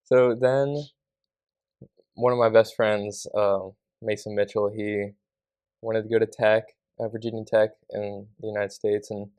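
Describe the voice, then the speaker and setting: A man's voice: fairly low pitch, little pitch movement, unhurried, a little mellow, smooth, no echo. A young man guesting on a podcast, answering earnestly and casually with many fillers. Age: young adult.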